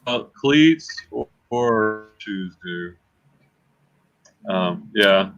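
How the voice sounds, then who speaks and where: A man's voice: on the low side, expressive, drawn-out words, fairly bright tone. A man hosting a casual livestream, chatty and repeating words as he thinks aloud. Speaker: livestream host and reseller. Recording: slightly dull lo-fi sound.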